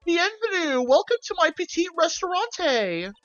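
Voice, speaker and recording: A streamer voicing a theatrical, flamboyant male French chef with a put-on French accent and a drawn-out, sing-song delivery. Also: very high-pitched, very animated, a bit bright, no echo, muffled recording, faint music behind, voice pushed up, exaggerated voice.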